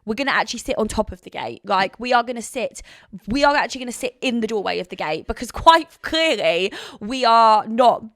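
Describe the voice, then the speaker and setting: A young woman from London tells a story on a podcast, chatty and animated. Her voice is bright and clear, recorded close and dry with no room sound around it. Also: quick pace, no echo. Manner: animated, chatty storyteller, breaks into high laughter. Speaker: podcast co-host. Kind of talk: casual storytelling chat.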